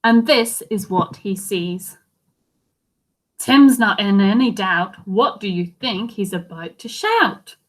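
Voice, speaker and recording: A woman teacher reading a picture book aloud to children, animated and asking them questions. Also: mid-range voice, takes it slowly. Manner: animated, asks listeners questions. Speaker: primary school teacher.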